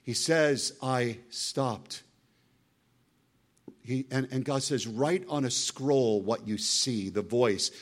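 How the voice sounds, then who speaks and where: A male guest preacher delivering a sermon with real fervor. His voice sits at an ordinary middle pitch, but he swings between loud, emphatic bursts and hushed, intense passages. He slows right down whenever he reads scripture aloud. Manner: quotes scripture in a slowed, dramatic read.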